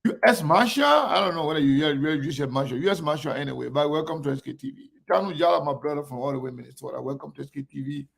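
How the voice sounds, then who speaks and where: A man hosting a casual live-stream, greeting viewers one by one by name. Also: on the high side. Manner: gravelly. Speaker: online show host.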